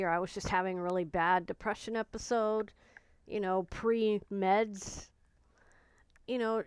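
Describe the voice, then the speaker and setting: A woman talking candidly in a personal vlog, grieving and low on energy, rambling with fillers. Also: clear, resonant tone, dry recording. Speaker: vlogger.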